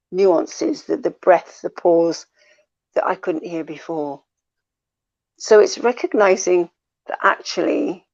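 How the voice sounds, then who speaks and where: A woman's voice: fairly low pitch, darkish tone, dull audio. A woman coach in a conversational talk show, explaining ideas reflectively and drawing on her own experience. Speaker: life coach.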